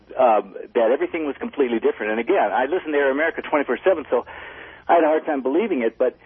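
A man's voice: medium pitch, breathy edge, dry recording. A man calling in to a radio talk show, earnest and rambling as he makes his point. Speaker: caller. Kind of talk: call-in radio chat. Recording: tinny phone line.

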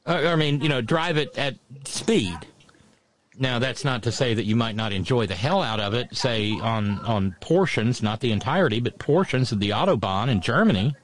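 A man's voice: mid-range voice, expressive, moderate pace, a little hiss or hum. A man telling stories in a casual political chat, wry and mocking.

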